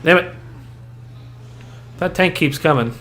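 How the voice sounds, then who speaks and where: A man's voice: on the high side, slow pace, fairly bright tone, soft background music. A man co-hosting while he plays, chatting casually and swearing at the game. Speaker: co-host playing the game. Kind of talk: casual gameplay chat.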